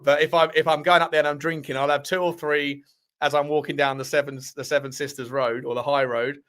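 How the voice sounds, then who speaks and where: A man's voice: a little high, level tone, brisk, fairly bright tone. Chatty man hosting a live chat. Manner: chatty, rambling, laughs often, banter with viewers. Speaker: livestream host reading chat.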